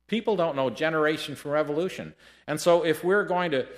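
A man preaching a sermon, telling stories and dropping to a hush before rising loudly. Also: a little high, brisk. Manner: storytelling, lively shifts between hushed and loud. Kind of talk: sermon with anecdotes.

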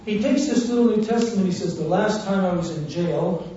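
Male preacher, high voice, fervent testimony sermon, distant muffled echoey hall recording. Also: a little fast, slight background noise. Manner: fervent storytelling, swinging from hushed to loud.

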